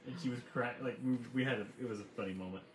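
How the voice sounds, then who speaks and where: A man's voice: mid-range voice, very fast, roomy sound, slight background noise, rough recording. Man, live co-host, teasing storyteller who mimics voices. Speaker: craft channel co-host. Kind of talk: casual livestream banter.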